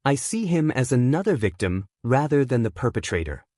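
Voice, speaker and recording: A tired, blunt hero-teacher speaks in a dry monotone, a father set on protecting his child, played by a man reading a story aloud. The voice sits at an ordinary male pitch. The recording is close and dry, with no room sound. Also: brisk, no room sound.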